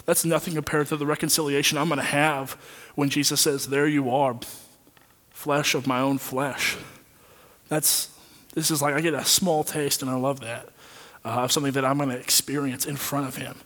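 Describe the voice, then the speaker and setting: A man's voice: fairly high pitch, little pitch movement, a little fast. Earnest preacher man in an echoing hall. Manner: earnest, repeats phrases for emphasis, swings between loud and quiet. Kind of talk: sermon. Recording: long reverb of a large hall.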